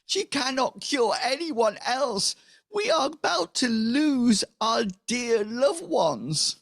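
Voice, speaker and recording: Man putting on a frantic village woman, high pitched, loud, pleading, dry room. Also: very animated, slow pace, creaky, no room sound, heavily acted. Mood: desperate. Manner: pleading, desperate.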